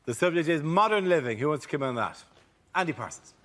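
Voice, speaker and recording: A man hosting a panel show, announcing topics in a brisk, matter-of-fact way. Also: fairly high pitch, expressive, fairly bright tone.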